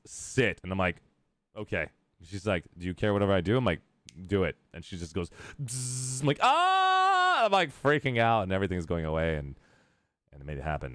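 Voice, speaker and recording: A man's voice: deep voice, no room sound. A man hosting a live gaming stream, chatting casually and rambling with jokes. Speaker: streamer host.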